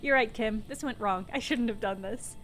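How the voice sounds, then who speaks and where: A woman streaming a video game live, chatting in a self-mocking, giggly and animated way. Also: a little high, moderate pace, soft background music.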